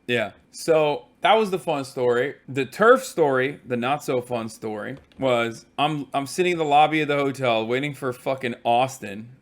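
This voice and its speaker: A man livestreaming from a hotel room, telling stories in a casual, profane, animated way. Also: medium pitch, normal speed, few pauses. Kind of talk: casual stream chat.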